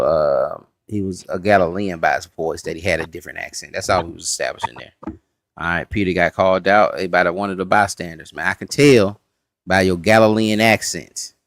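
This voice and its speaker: Through a streaming setup with clean studio sound and no room noise, a deep-voiced man with a fairly bright tone teaches a casual Bible study. He's folksy, addresses the class directly, and uses "y'all."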